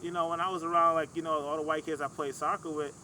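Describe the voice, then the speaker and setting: A man's voice: fairly high pitch, little pitch movement, fast talker, sharp tone, slight background noise. A man from Michigan appearing as a podcast guest, talking in a thoughtful, analytical and earnest way. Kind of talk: casual conversation.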